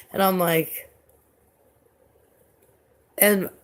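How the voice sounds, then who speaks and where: Gravelly-voiced woman rambling excitedly. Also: lowish voice, moderate pace. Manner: rambling, heavy use of "like", swears often. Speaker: vlogger. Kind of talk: casual storytelling vlog.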